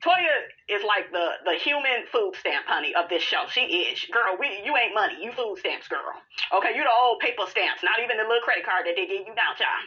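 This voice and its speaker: A woman's voice: medium pitch, expressive, fairly quick, lo-fi sound. A woman doing a casual reality TV recap, sassy and profane, calling listeners honey and child.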